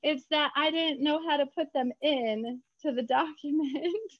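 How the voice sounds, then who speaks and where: A woman author chatting in an interview, bubbly and quick, acting out her own remarks in lively voices. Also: sits high, dry recording, lo-fi sound. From United States. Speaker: author guest. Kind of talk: casual interview chat.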